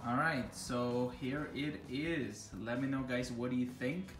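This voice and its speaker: A man's voice: mid-range voice, steady tone, a little slow, reverberant, over music. Easygoing man vlogging by his car. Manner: chatty, loose, talks to his dog between remarks. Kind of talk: casual vlog talk.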